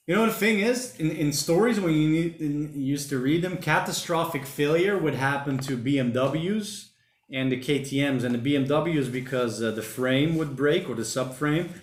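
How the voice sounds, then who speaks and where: In a reverberant space at home during lockdown, a livestream host speaks at a measured pace in a higher-than-average voice. He's loose and rambling, reading viewer comments and peppering his chat with slang like "mate" and "bloody."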